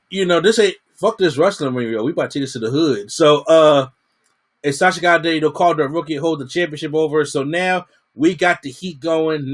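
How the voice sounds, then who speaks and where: A man giving a casual, slangy wrestling review, acting out what the wrestlers said. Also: a little high. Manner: animated, slangy, acts out quotes.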